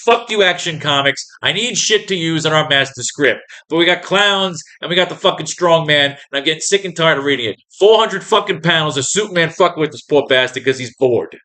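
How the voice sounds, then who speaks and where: A man with a slightly high voice rants through comic pages in crude, exasperated bursts. He hosts a writing class and picks apart what he reads. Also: lively intonation, brisk, few pauses, bright, forceful tone. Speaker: host. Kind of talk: profane comic-reading commentary.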